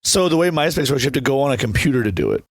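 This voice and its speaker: A man's voice: mid-range voice, sing-song, very fast, no room sound. A man in his thirties, a podcast guest telling stories in a brash, self-mocking way and laughing often. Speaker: podcast guest, reality show contestant and band member. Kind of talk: casual conversational storytelling.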